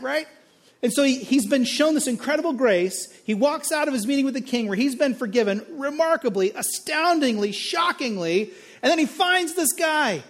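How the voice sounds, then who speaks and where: A man's voice: extremely high pitch, very animated, moderate pace. A male pastor preaching a sermon on a parable, acting out the characters' lines with dramatic emphasis.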